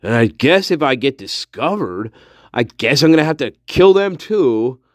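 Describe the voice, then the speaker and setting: A man's voice: mid-range voice, big pitch swings, normal speed, dry recording, clean studio sound. A man in a rambling, mocking monologue, full of fillers, walking through his house while he talks. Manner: mocking, mock-scared, rambling with many fillers. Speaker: vlogger.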